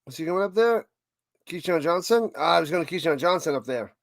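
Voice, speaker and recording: A man with a New York accent calls a football game play by play, then chats with his viewers in between. His voice sits a bit high and gets excitable on big plays. The sound is close and dry, with no room echo. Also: moderate pace, gravelly. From United States. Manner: excitable, chatty, reads live chat between plays. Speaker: livestream watch-party host doing play-by-play. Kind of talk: casual play-by-play commentary and chat.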